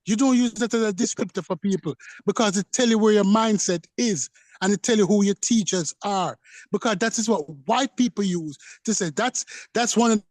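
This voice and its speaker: A man's voice: sits high, darkish tone, no room sound. A man co-hosting a podcast who argues his point in a heated casual debate, insistent and repeating himself. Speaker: podcast co-host.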